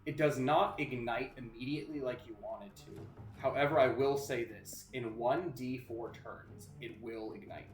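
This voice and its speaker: A man narrates a tabletop role-playing game as its game master, loose and conversational with plenty of fillers. His voice sits in a roomy, echoey space, and music plays clearly behind him. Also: medium pitch, normal speed, few pauses. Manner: casual, with fillers and restarts.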